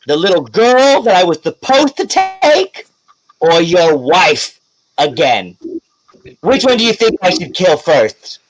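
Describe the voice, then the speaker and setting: A man voicing a menacing male clown who calls himself Death, taunting slowly and theatrically. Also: high voice, very animated, voice pushed up, heavily acted, rough recording.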